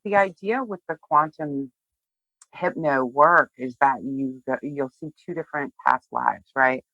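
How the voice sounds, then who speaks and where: A woman guest on a podcast, sharing a personal story in a heartfelt, emotional way, often halting and restarting. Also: low voice, a bit bright, no echo, muffled recording. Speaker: tarot reader, guest.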